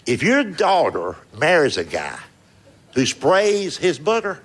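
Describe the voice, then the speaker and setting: A man's voice: fairly high pitch, wildly swooping pitch, takes it slowly, poor audio. A middle-aged man doing folksy storytelling stand-up in a punchy drawl, recorded live on stage. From United States. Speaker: stand-up comedian. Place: live comedy stage before a laughing audience. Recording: live show with loud crowd and noise.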